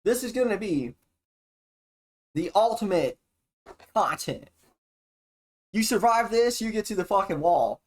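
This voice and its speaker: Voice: mid-range voice, lively intonation, unhurried, long pauses. A streamer talking alone in a rambling, erratic and profane monologue, jumping from topic to topic. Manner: erratic, profane and jumpy, with sudden laughs and exclamations.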